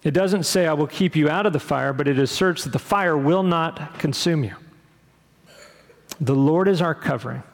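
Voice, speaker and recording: Earnest pastor with a gravelly voice. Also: male voice, a little high, normal speed, long reverb tail. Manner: earnest, with frequent fillers and restarts. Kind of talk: sermon.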